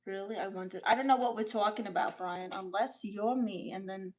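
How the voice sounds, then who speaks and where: Here a woman, in character as a sassy, doting middle-aged aunt, runs a chatty comedy livestream from her bedroom, greeting people and reading chat aloud with big swoops. Her mid-range voice sounds close to everyday and moves at normal speed, with slight background noise.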